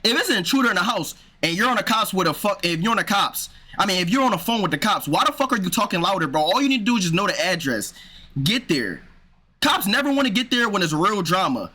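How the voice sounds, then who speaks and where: A man's voice: sits high, very animated, fast, sharp tone. A man streaming, reacting to a video with exasperated casual commentary, swearing and saying "bro" a lot.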